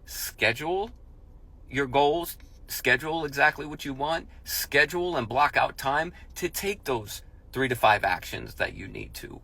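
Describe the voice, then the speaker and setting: A man's voice: mid-range voice, a little slow, gravelly, sharp tone. Emphatic man giving a pep talk. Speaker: motivational speaker. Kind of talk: motivational monologue.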